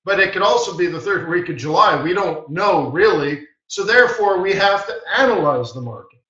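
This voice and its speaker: Man, higher-pitched and forceful, blunt webinar teacher; roomy, distant, dull mic. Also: lively intonation, moderate pace. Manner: emphatic, blunt, repeats short commands. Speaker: forex market strategist hosting a live webinar. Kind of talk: live trading webinar, unscripted teaching.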